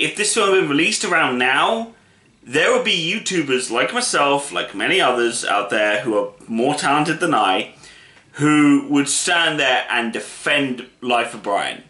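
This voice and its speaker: A man reviews a film in a loose, opinionated monologue, stumbling through fillers and restarts. His voice is bright and forceful, and the room around him rings with echo. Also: fairly high pitch, lively intonation, unhurried.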